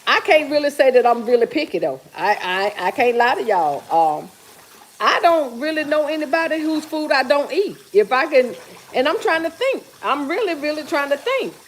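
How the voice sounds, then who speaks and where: Casual kitchen livestream: a woman host with a somewhat high voice chats and teases viewers while she cooks. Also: big pitch swings, normal speed, slight background noise. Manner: chatty, teasing, reads viewer comments aloud. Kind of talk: casual chat with live viewers. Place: home kitchen while cooking.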